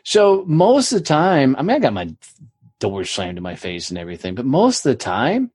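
A man's voice: medium pitch, wildly swooping pitch, moderate pace, a little mellow, slightly rough, no echo. A middle-aged man chatting on a podcast, swearing freely and telling stories with emphasis. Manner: profane, emphatic storyteller. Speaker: podcast guest, entrepreneur. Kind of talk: casual podcast chat.

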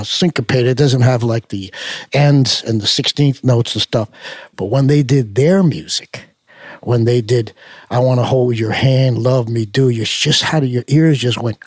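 A man's voice: medium pitch, darkish tone, no room sound, clean studio sound. Older man rambling through stories. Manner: rambling, many "you know" fillers and restarts. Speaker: musician guest. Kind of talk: casual storytelling interview.

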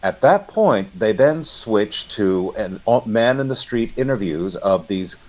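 A middle-aged man giving sardonic, animated commentary in a discussion, often restarting his sentences. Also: lowish voice, unhurried. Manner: animated, sardonic, self-correcting. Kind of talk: opinionated discussion.

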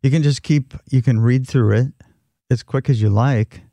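A man co-hosting a casual devotional chat, reflective and gently explaining. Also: medium pitch, moderate pace, creaky, no echo. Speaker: co-host.

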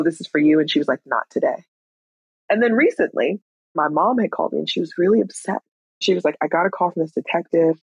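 A woman's voice: lowish voice, creaky, a little mellow, husky, no room sound, muffled recording. A woman in her thirties telling her own story in a frank, candid way, blunt and swearing at times. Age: 30s. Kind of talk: personal storytelling.

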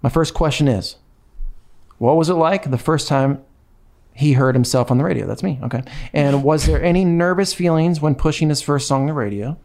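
A man's voice: a little high, moderate pace, darkish tone. A man in his thirties hosting a podcast, chatting casually and rambling with lots of fillers. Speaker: podcast host and country singer. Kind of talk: casual chat.

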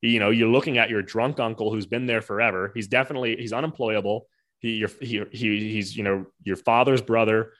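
A man's voice: lowish voice, fairly even intonation, a little fast, fairly bright tone, no echo. A man guesting on a casual podcast, talking in a rambling way with many restarts and frequent "you know". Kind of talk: casual chat.

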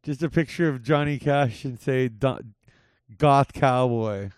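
A man's voice: mid-range voice, unhurried, a little mellow, smooth, no room sound, studio quality. A young man hosting a podcast in casual chat, joking and rambling with lots of swearing. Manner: profane, jokey, rambling. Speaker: podcast host.

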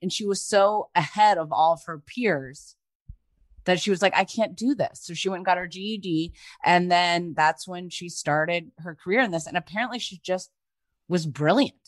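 A woman's voice: on the low side, normal speed, no room sound. Wry mother recounting a story. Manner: relaxed storyteller, wry asides. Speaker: podcast co-host. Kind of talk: casual chat.

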